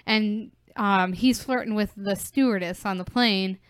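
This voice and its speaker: Young female co-host, mid-pitched and smooth, chatty plot recap, lots of fillers. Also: unhurried, no echo. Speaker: podcast co-host. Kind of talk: casual film discussion.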